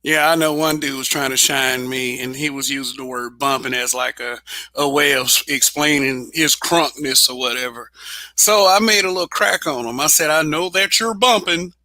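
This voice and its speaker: A man's voice: mid-range voice, fairly even intonation, moderate pace, pushed and bright, no echo. A man hosting a casual livestream monologue, blunt and profane, laughing often. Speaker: show host.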